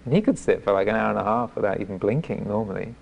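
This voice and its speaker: Gravelly-voiced monk giving a dharma talk. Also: male voice, lowish voice, expressive, a little mellow. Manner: self-deprecating storytelling; halting, with frequent restarts. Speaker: Buddhist monk teacher.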